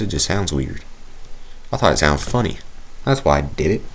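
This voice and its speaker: A man's voice: extremely low pitch, moderate pace, a little hiss or hum. A man giving casual, rambling, jokey commentary while playing a video game. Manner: rambling, jokey, self-mocking. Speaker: gaming video creator.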